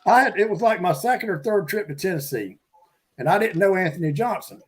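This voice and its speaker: A fishing guide rambles through a story in a chatty, easygoing way. His voice sits a little on the high side. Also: expressive, brisk, slightly rough. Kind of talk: casual storytelling.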